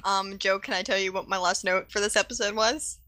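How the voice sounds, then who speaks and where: A woman co-hosts a podcast, tossing in dry, sarcastic remarks about a cartoon episode. Her voice is bright and forward at a middle pitch. The close mic leaves the sound dry, with no room around it. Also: fairly even intonation, brisk, dry recording. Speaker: podcast co-host. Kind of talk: casual podcast chat recapping a cartoon.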